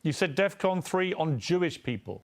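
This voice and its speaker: A man's voice: fairly high pitch, sing-song, normal speed. A British man interviewing a guest on TV, pressing him with pointed questions. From Britain.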